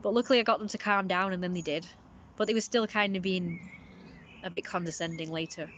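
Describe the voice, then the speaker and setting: A woman's voice: on the low side, fast talker, muffled recording, slight background noise. A woman giving casual live-stream commentary, rambling and often repeating herself with filler words.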